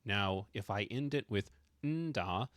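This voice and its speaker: A man's voice: lowish voice, expressive, slow, a bit bright, dry recording. A man teaching a casual language lesson, explaining with playful emphasis and jokes.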